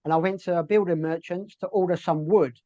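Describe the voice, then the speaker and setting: His voice sits high with a dark tone, and he talks briskly with fairly even intonation. This middle-aged British man is a guest in a casual interview, telling stories full of fillers and restarts, recorded with dull audio and no echo.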